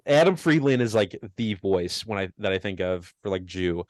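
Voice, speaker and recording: A man's voice: deep voice, animated, moderate pace, no echo. Rambling young man, dry close sound. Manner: rambling, laughing, self-deprecating storytelling. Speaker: podcast co-host. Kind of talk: casual chat.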